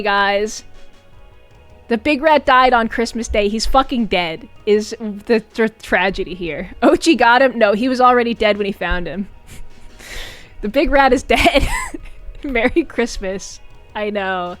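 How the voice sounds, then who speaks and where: Young female streamer, bright animated storyteller, high-ish voice over faint background music. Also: slow pace. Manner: animated, laughs often, sudden high squeals and shouts. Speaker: VTuber streamer. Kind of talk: casual storytelling chat with viewers.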